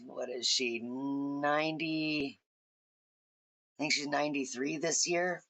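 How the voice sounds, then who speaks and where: A woman's voice: deep voice, steady tone, slow pace, long pauses. Chatty woman hosting a coloring stream. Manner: chatty and rambling, warm toward viewers. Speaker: livestream host. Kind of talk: casual livestream chat while coloring. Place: home.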